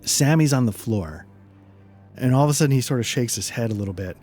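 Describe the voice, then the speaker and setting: A man's voice: medium pitch, lively intonation, fairly quick, darkish tone, faint music behind. A man narrating a tabletop game as game master, rambling and hesitant with many fillers.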